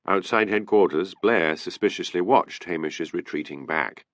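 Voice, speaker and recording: A man narrating an audiobook in an expressive, lively reading. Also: deep voice, normal speed, dry recording. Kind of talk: scripted narration.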